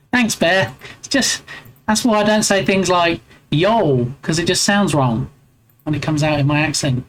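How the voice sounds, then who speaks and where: A man's voice: a little high, unhurried, pauses often, fairly bright tone, slight background noise, poor audio. Chatty English man streaming live. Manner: chatty, reads out and answers chat with playful banter. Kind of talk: casual chat with viewers.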